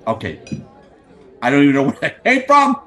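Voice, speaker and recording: A man's voice: fairly high pitch, huge pitch swings, normal speed, a bit bright, a faint crowd. A middle-aged man hosting a podcast, rambling in a crude, joking, scatterbrained way over a video call. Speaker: podcast host. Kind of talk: casual rambling monologue.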